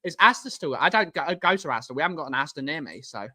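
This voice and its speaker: Bright-voiced chatty livestream host, a man. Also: on the high side, animated, fast. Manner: rambling, chatty, answers viewers by name. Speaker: livestream host reading chat. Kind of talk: casual live-stream chat.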